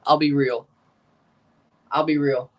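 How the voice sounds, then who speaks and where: Young male streamer, slightly hoarse, casual play-by-play over a live match. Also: on the high side, flat delivery, takes it slowly. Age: 20s. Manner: chatty, running play-by-play asides. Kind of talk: livestream watchalong commentary.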